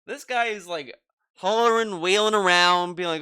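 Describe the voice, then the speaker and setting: A man's voice: high-pitched, normal speed, pushed and bright, clear, resonant tone, no echo. A man hosting a reaction commentary video, ranting in a mocking, profane way about a streamer.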